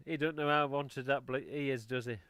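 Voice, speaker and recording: A man's voice: medium pitch, fairly even intonation, brisk, a bit bright, clean tone, no room sound. A man hosting a casual livestream, chatting in a rambling, self-interrupting way. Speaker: livestream host. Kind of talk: casual chat.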